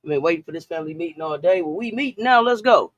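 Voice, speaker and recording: A woman's voice: lowish voice, expressive, fast talker, no echo, dull audio. Hyped woman hosting a sports livestream. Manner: hyped, shouting out chat viewers by name. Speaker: sports talk livestream host. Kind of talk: casual livestream chat.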